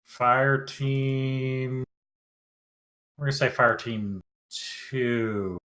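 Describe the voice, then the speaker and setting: A man playing a tabletop game, describing his character's actions in a relaxed, drawling way. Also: medium pitch, extremely slow. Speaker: player.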